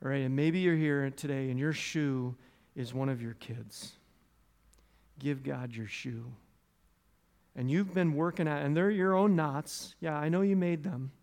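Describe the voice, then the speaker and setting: A man from the United States giving a conversational sermon as pastor, with restarts and asides, loud and animated in stories, soft and low in prayer. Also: measured pace.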